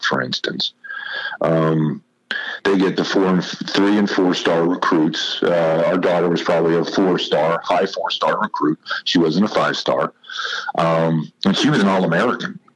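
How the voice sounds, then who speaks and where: Deep-voiced folksy man telling stories. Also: poor audio. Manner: folksy, drawling storyteller. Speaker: podcast guest, former college football player. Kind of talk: casual storytelling.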